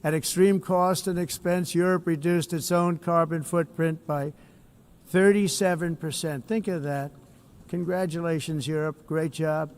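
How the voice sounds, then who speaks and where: A man's voice: sits high, fairly even intonation, measured pace. Boastful man speaking from a podium. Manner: boastful, blunt, repetitive, rambling asides. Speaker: head of state giving a speech. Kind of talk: formal speech to an assembly, ad-libbed asides. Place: large assembly hall.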